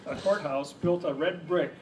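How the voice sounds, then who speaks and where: A man's voice: on the high side, moderate pace, a little mellow. A man telling rambling stories to a crowd, restarting his sentences over and over. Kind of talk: casual storytelling. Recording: distant mic, faint background noise.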